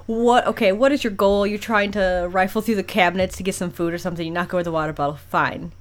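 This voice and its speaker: A woman's voice: medium pitch, steady tone, fast. A woman co-hosting a podcast, sharing an odd science story in playful, wry banter. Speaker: podcast co-host. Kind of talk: casual chat.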